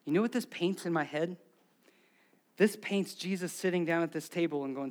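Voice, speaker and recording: A pastor preaching a sermon and leading a closing prayer, moving between impassioned preaching and soft, intimate prayer. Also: male voice, fairly high pitch, normal speed. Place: church service with band playing. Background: live guitar music.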